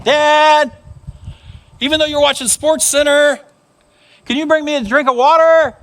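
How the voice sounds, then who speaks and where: A man's voice: very high voice, fairly even intonation, unhurried, fairly bright tone, pitched above the performer's own voice. A man voicing a persistent little boy who keeps asking his dad for a drink of water at bedtime. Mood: pleading. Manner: persistent, pleading, sing-song.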